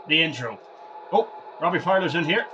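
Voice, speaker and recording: A man's voice: on the high side, animated, normal speed, highs cut off, background noise. A man vlogging over gameplay in a rambling casual way, often stumbling and repeating words. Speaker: gaming vlogger.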